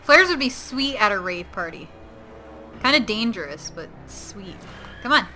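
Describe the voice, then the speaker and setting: A woman giving casual let's-play commentary on a horror game, excitable and given to shrieking and swearing at the screen. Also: mid-range voice, measured pace, faint music behind. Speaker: gamer playing a horror game.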